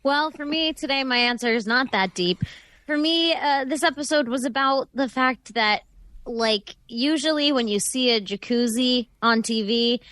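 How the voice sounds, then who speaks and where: A woman's voice: a little high, moderate pace, a bit bright, no room sound. A woman in her thirties co-hosting a casual podcast chat with blunt, wry retorts. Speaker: podcast co-host.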